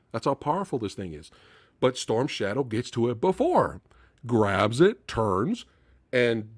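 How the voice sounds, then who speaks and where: Male host, lively swooping delivery, exasperated profane movie rant, dry close sound. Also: mid-range voice, dry recording. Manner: animated, exasperated and profane, with frequent laughs. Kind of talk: casual live-stream movie rant.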